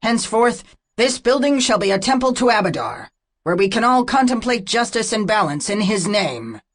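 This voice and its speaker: A woman's voice: medium pitch, sing-song, normal speed, voice pushed up. Woman playing a commanding half-orc warrior. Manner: forceful, commanding proclamations.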